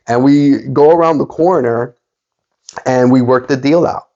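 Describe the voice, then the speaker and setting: A man casually retelling a personal story, animated and full of fillers and restarts. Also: on the high side, a little slow, lo-fi sound. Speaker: sports card collector and channel host.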